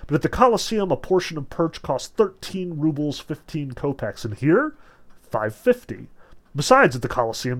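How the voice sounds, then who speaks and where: A man reading as a pompous booming gourmet. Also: close to an everyday voice.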